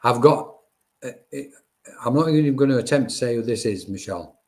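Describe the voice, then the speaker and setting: A man giving spirit readings on a live stream, speaking in a chatty, reassuring way. He calls out to viewers by name as he talks. His voice sits in an ordinary middle pitch. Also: fairly quick, darkish tone. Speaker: medium.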